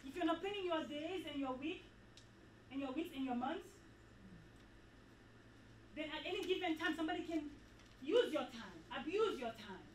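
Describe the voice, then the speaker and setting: High-voiced woman preaching at a women's retreat, lively and repetitive, roomy hall sound, mic a bit far. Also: moderate pace, pauses often, slight background noise. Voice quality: animated, preachy, repeats herself for emphasis. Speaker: retreat speaker. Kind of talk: motivational talk to a women's group. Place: event hall. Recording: echoey hall, speaker off-mic.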